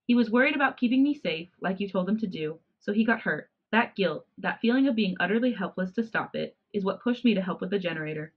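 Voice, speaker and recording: A woman's voice: medium pitch, expressive, quick pace, few pauses, highs cut off, lightly acted. Woman voicing a blunt, angry young cat hybrid man. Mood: angry, accusing. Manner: sharp, indignant outbursts.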